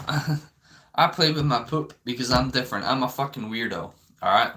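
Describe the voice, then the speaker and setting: A man's voice: medium pitch, brisk, sharp tone, slight background noise. A young man ranting to camera in a rambling, profane way, filling his talk with "you know". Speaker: vlogger. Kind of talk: unscripted rant.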